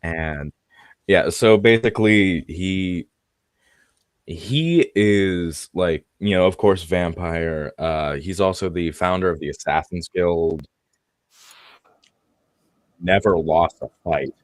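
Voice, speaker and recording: Very deep-voiced young man, slow. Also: no echo, clean studio sound. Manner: halting, swears casually. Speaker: tabletop game player. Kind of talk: casual gaming chat.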